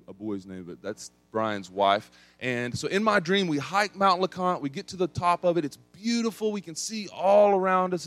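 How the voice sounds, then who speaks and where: A young adult man from East Tennessee with an East Tennessee accent, preaching a sermon and telling a story with big swings in pitch and volume. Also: a bit bright, no echo. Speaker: pastor.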